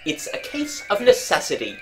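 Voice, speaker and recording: A woman voicing an agitated middle-aged country gentleman who fumes and exclaims indignantly. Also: mid-range voice, wildly swooping pitch, normal speed, music in the background, voice pushed up. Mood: fuming. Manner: indignant, fuming.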